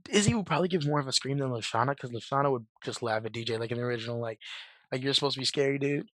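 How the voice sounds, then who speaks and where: A young man with a hoarse voice talks through his ideas in loose, rambling fan commentary, full of "like" and half-started sentences. His pitch sits in an ordinary middle range, and the sound is dry and close, with no room around it. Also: very fast, dry recording. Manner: rambling, lots of "like" and restarts, slangy. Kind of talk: casual commentary.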